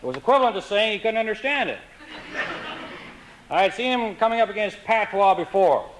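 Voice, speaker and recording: A man telling comic stories in a dry, wry, deadpan way. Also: sits high, a little fast, noisy background. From Canada. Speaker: humorist. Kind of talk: comic storytelling.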